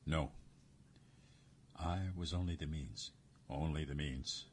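Calm tender priest read by a deep-voiced guy, grave and gentle, low steady voice. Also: slow pace, a little hiss or hum. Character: gentle, devout old male priest.

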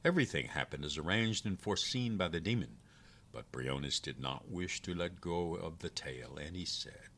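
A man narrating an old folk tale aloud in a measured storytelling manner. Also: low-pitched, expressive, a bit bright. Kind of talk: storybook reading.

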